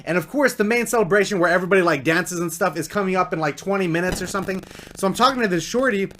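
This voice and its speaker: High-voiced young man telling a story. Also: rapid-fire, a little hiss or hum. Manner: slangy, rambling, animated storytelling. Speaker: vlogger. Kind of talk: storytime vlog.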